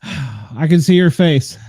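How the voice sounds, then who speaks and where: A man hosts a casual podcast chat with a mellow, darker voice. He is gossipy and swears freely, laughing as he goes. The sound is close and dry. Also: fairly high pitch, animated, slow pace, breathy edge, dry recording. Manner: profane, laughs often, gossipy. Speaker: podcast host.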